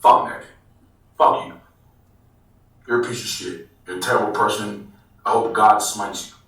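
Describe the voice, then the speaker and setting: A man telling a story in a casual interview, animated and swearing freely, calling people bro. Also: on the low side, moderate pace. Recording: echoey room, mic far off.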